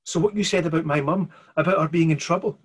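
A man voicing a frightened, defiant young girl in a storybook reading, with a husky, higher, anxious tone. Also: quick pace.

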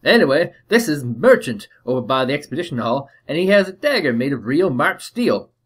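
A man's voice: medium pitch, big pitch swings, brisk, breathy edge. A man voicing a scrappy seven-year-old homeless boy in a put-on Cockney accent, chattering and pleading in a game.

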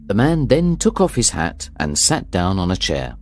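Deep, expressive male storybook narrator. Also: normal speed. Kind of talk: storybook reading for learners.

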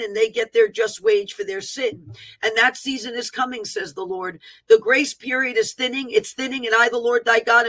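Woman preacher, bright, sharp tone, declaiming a prophetic word with asides. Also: on the high side, poor audio. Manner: earnest, declaiming, with asides on capitalization. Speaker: prophetic minister.

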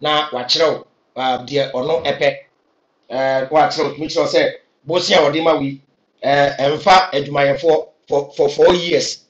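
A political commentator with a Ghanaian accent and a slightly high male voice gives earnest, urging opinions to camera in an impassioned vlog. His tone is steady and unhurried, with hesitant fillers, and the audio is reverberant with the highs cut off.

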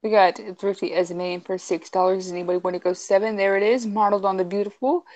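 A woman calling bids on a live online jewelry auction, brisk and chatty, repeating prices and urging viewers to type their numbers. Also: medium pitch, fairly even intonation, darkish tone. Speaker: auctioneer co-host.

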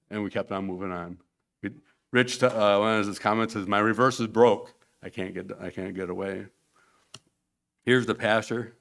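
Man, low voice, casual church talk, rambling storyteller, acts out quotes. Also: fairly bright tone. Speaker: church member giving a mission report. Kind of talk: informal slideshow talk to a congregation. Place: church sanctuary.

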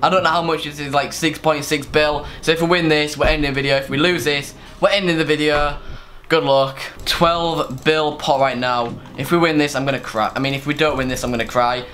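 Excitable young man, gaming commentary. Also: a little high, brisk, slight background noise. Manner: excitable, swearing, swings between yelling and groaning. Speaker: gaming streamer. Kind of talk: live gameplay commentary.

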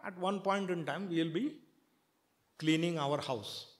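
A man giving a sermon, chanting verses and then explaining them at length, often halting with fillers and restarts. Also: a little high. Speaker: preacher.

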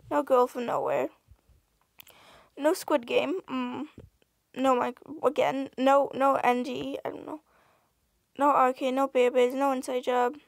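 A woman's voice: high voice, creaky, no echo, studio quality. A woman reading out online posts and reacting to them with sarcastic, exasperated commentary and frequent swearing.

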